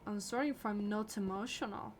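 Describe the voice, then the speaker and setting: A woman talking through a game in soft, earnest, confessional commentary, sometimes dropping to a whisper. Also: mid-range voice, brisk, very noisy. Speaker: gameplay streamer. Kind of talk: reflective gameplay commentary. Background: loud game music.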